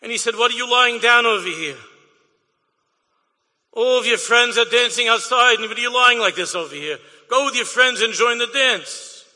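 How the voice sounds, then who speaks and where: A man's voice: extremely high pitch, normal speed, sharp tone, voice pushed up, exaggerated voice. A man voicing an insistent old man who shakes someone awake and urges him to get up. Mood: urging. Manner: urging, commanding. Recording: long hall reverb.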